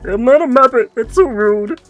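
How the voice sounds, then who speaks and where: A man's voice: very high-pitched, expressive, moderate pace, soft background music, voice pushed up. A man putting on a goofy, puppet-like male character's voice in game voice chat, playful and sing-song. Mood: mock-offended. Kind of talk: in-game voice chat role-play.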